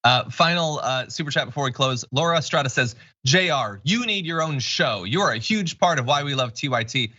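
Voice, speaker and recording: A man hosts a casual online news show, cracking wry jokes and fast asides as he moves through the stories in a bright, animated voice. His pitch is a bit high for a man, and the stream audio sounds somewhat dull and lo-fi.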